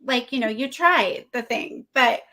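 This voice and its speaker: A middle-aged woman hosting a casual interview, chatty and agreeable, asking lively follow-up questions. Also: on the high side, measured pace. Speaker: podcast host.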